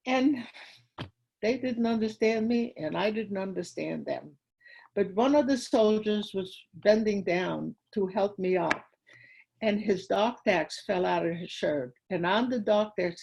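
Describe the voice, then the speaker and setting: Older woman, gravelly and husky. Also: medium pitch, darkish tone, poor audio. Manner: vivid retelling, acts out dialogue. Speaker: guest speaker at a school. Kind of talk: personal testimony storytelling.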